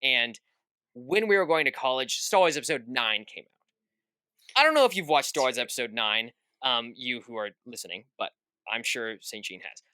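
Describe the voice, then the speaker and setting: Reviewing a film in casual podcast chat, this young co-host performs quoted reactions and leans heavily on "at the end of the day." He speaks at a normal speed in a mid-range voice that is animated, bright and forceful, with clean, echo-free audio.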